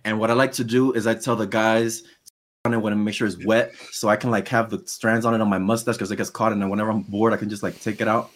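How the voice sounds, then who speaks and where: A man guest on a podcast call, excitable and dramatic in casual chat. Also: lowish voice, quick pace.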